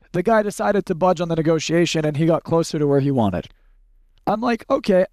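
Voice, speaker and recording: Man, high voice, dry close sound, casual seminar talk, blunt, swears, acts out stories. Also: no room sound. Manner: blunt, profane, storytelling with acted-out quotes. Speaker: speaker teaching a live audience.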